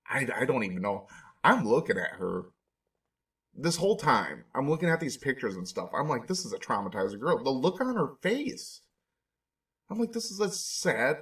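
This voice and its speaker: A man's voice: mid-range voice, a bit bright, far from the mic. A man hosting a podcast, giving emotional, indignant, rambling casual commentary on a documentary. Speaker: podcast host reacting to a documentary.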